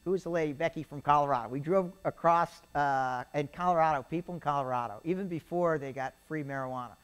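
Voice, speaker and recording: Middle-aged man, guest speaker, rambling animated storyteller, slightly high and smooth voice. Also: fast. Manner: animated, rambling storyteller who keeps adding "right?". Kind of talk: storytelling interview on stage. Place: event venue with a live audience.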